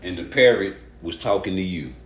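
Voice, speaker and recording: Heated, low-voiced man ranting to chat. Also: normal speed, a little hiss or hum. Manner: profane, heated, argues with viewers. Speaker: boxing commentary streamer. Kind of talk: livestream rant to chat.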